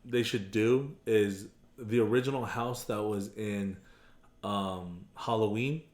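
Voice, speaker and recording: A man's voice: on the low side, slow. Casual male podcast host, echoey room. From Arizona. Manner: animated, laughs often, puts on silly voices. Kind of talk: casual chat.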